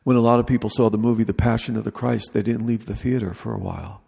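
A man leading a retreat, speaking slowly and deliberately in short repeated phrases. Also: fairly low pitch, steady tone, vocal fry, dark tone, breathy edge. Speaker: retreat leader. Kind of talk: retreat talk on prayer. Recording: long reverb of a large hall.

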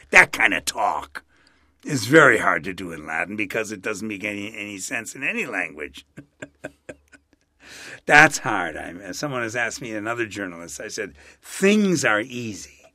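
An older man in a casual interview, speaking in an animated, rambling way with chuckling asides. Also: mid-range voice, dry recording, studio quality. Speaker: interviewee, Latin expert.

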